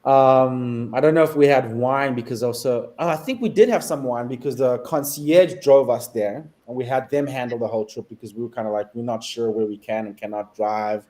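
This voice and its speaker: A man's voice: medium pitch, brisk, hardly any pauses, low-quality recording. Chatty man telling laughing travel stories. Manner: laughs often, animated storytelling. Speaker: guest. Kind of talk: casual travel chat.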